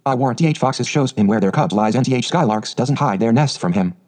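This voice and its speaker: A man voicing a surly old male gardener from the Yorkshire moors, speaking bluntly in a gruff Yorkshire accent. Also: medium pitch, expressive, quick pace, a little mellow, lightly acted. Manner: blunt, gruff dialect speech.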